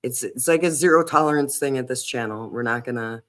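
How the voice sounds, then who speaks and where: A man's voice: medium pitch, fairly quick, a bit bright. A man hosting a casual livestream chat, talking earnestly and hesitantly with many fillers and restarts. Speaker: livestream host.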